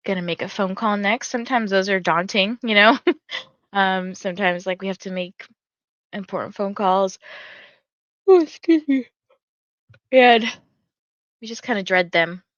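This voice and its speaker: A woman's voice: medium pitch, normal speed, fairly bright tone, no echo. A tired woman hosts a cozy reading stream and chats loosely, with filler words everywhere as she thinks aloud. Her voice sits in a middle range. The sound is dry and slightly muffled, like a home mic. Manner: chatty and rambling, heavy use of "like"; reads viewer chat comments aloud. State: tired and yawning. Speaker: readathon livestream host. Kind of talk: casual livestream chat.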